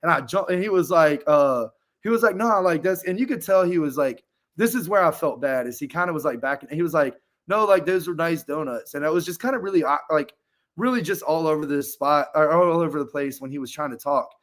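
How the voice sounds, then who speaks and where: A man's voice: a little high, fast talker, fairly bright tone. A man talking as a podcast guest, telling a candid personal story in a rambling, casual way, full of fillers.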